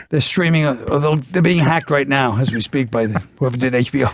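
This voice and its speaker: A man's voice: medium pitch, brisk, no echo. A man who is a guest comedian, chatting casually and rambling through stories with frequent laughs and restarts. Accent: New York. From United States. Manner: rambling, self-interrupting storyteller with frequent laughs. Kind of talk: casual podcast chat.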